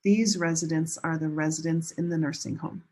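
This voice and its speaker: A woman teaching English as a second language in a recorded online lesson, modeling pronunciation slowly and carefully and repeating words for learners. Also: low-pitched, steady tone, mellow, low-quality recording. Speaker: ESL teacher.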